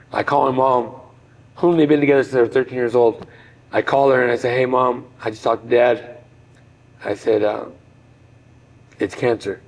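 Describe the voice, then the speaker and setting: Podcast guest, middle-aged man, gravelly voice, earnest and reflective storyteller. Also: medium pitch, low-quality recording. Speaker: podcast guest, former boxer. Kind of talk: personal storytelling in conversation.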